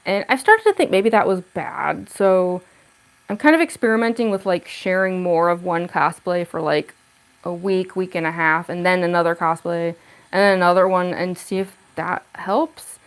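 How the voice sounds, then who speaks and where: A woman's voice: fairly low pitch, normal speed, rough recording. A young woman chatting casually with viewers on a home livestream, giggly and chatty, talking into a camera on a tripod. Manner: giggly, chatty, coos baby talk to her cat. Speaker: livestreaming cosplayer. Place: home room.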